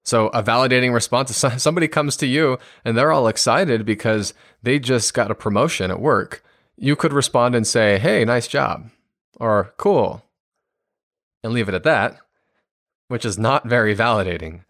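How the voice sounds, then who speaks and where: A man's voice: medium pitch, fairly quick, fairly bright tone, dry recording, studio quality. A man in his thirties hosting a solo podcast episode, explaining ideas earnestly and acting out example replies with bursts of enthusiasm. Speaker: podcast host and speaker on communication.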